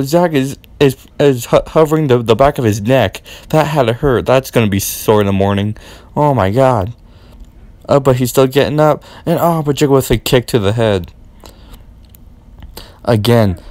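A young man giving excited play-by-play commentary on a wrestling match, repeating his exclamations and swinging between hushed and loud. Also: mid-range voice, no echo.

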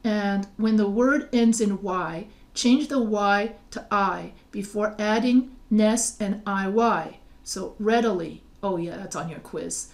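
A woman's voice: mid-range voice, takes it slowly, hardly any pauses. A woman teaching writing, explaining spelling rules patiently, often restarting and spelling words out letter by letter. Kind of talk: recorded lecture over slides.

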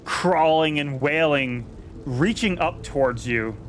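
A man serving as dungeon master, narrating a tabletop game with vivid description and slowing down for dramatic moments, on a headset over a video call. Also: fairly high pitch, a little hiss or hum.

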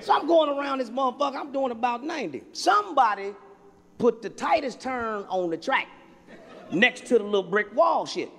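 On a theater stage before a laughing audience, a man with a very high, gravelly voice tells a profane stand-up story a little fast, animatedly acting out its characters. The live hall has long reverb and faint noise.

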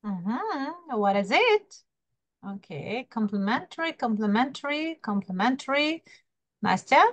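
A woman's voice: fairly high pitch, big pitch swings, unhurried, no echo. A woman teaching an English class online over a video call, coaxing her students and calling on them by name while repeating key words.

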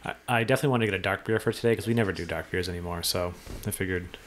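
Fast-talking low-voiced man, podcast co-host. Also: a little hiss or hum. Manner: rapid, stumbling restarts and repeated words. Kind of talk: casual chat.

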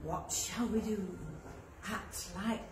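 A woman leading a children's library rhyme session, singing action songs and coaxing little ones along in a lively, playful sing-song. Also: medium pitch, slow, distant mic. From England. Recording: echoey room, voice away from the mic, noticeable background noise.

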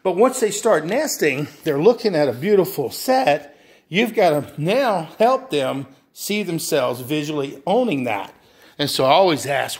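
A man with a fairly high speaking voice gives an easygoing lesson on selling furniture. He talks casually, repeats his phrases and slips into short acted exchanges with customers. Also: expressive, measured pace. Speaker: furniture sales trainer. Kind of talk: instructional talk with acted sales dialogue.

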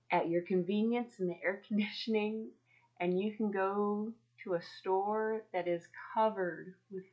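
A woman voicing God as a soft, lovingly patient presence gently correcting her. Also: mid-range voice, lo-fi sound, natural voice.

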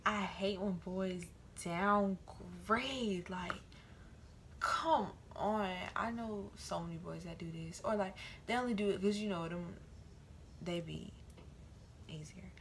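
Chatty young woman with vocal fry. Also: medium pitch, slow, slight background noise. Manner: animated storytelling, quoting voices. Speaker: vlogger. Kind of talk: casual chat to camera.

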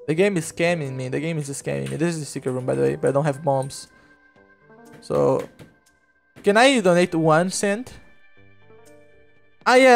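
Male game streamer, high voice, rambling casual chat with loud outbursts, faint background music. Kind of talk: casual gameplay livestream chat.

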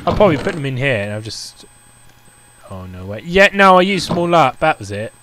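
A man's voice: mid-range voice, sing-song, brisk, a bit bright, slight background noise. A young man commentating his Minecraft game, ranting in an exasperated, repetitive way. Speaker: gaming YouTuber. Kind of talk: Minecraft let's play commentary.

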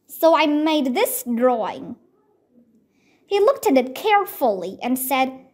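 Slow, high-voiced woman reading a storybook. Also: big pitch swings, darkish tone. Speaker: audiobook reader. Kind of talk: children's book read aloud.

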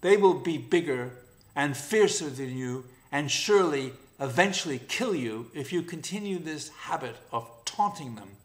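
A man voicing a patient, stern mother lioness in a storybook reading, calm and measured. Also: on the high side.

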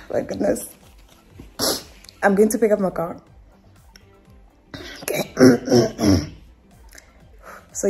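Creaky, a little mellow and fairly low in pitch, the young Namibian woman's voice carries her emotional, rambling vlog. She talks to camera indoors at home, using fillers and restarting sentences.

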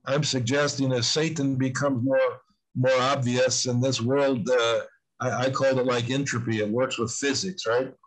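A man's voice: medium pitch, little pitch movement, moderate pace, poor audio. A man in his sixties, a guest in an interview, talking earnestly and rambling with frequent restarts. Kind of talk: conversational interview talk.

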